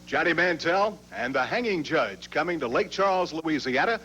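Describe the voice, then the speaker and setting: A man's voice: a little high, expressive, normal speed, pushed and bright, muffled recording. Man, event announcer, promotional, faint hum. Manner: smooth, promotional. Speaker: show announcer.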